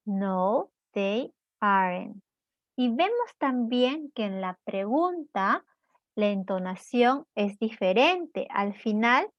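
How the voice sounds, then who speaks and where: A woman teaching English, who explains in Spanish, models sentences slowly and clearly, asks the class questions and praises their answers. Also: mid-range voice, a bit bright, no echo, lo-fi sound. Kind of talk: slow, deliberate classroom explanation.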